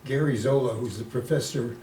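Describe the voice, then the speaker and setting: A man in his nineties, a retired rabbi, telling lively anecdotes in an interview and dropping in Yiddish words. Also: mid-range voice, fairly quick. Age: 90s. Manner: lively storyteller who sprinkles in Yiddish words. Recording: echoey room, distant mic, faint noise.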